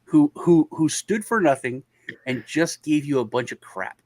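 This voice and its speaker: A man's voice: on the high side, unhurried, no room sound. A man telling a long anecdote on a casual panel show and acting out the other people in it. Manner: animated anecdote-telling, acts out quoted voices. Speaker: panel guest.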